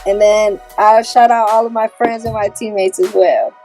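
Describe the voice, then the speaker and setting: A young woman from Minneapolis, a basketball player, answering interview questions in a plain, soft-spoken way. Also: medium pitch, steady tone, moderate pace, faint music behind. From Minneapolis, USA.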